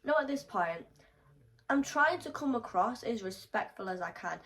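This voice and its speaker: A young woman telling a storytime vlog, animated and swearing freely as she acts out the quotes. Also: a little high, moderate pace, low-quality recording.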